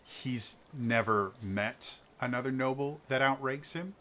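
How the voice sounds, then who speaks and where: A man's voice: mid-range voice, a little slow, a bit bright, slight background noise. A man narrating as game master of a tabletop game, hesitant and full of fillers.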